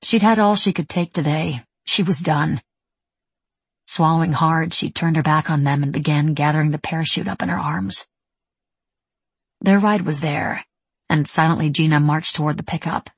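A woman narrates a novel in a steady, even reading voice. Her tone sits low and is strongly breathy and husky. The recording is dry, with no trace of room echo. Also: normal speed. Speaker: audiobook narrator. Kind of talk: scripted narration.

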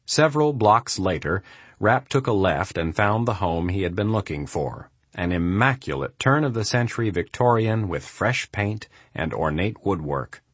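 A man narrating a thriller audiobook in a steady, measured storytelling manner. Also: lowish voice, slightly rough, dry recording. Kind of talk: scripted narration.

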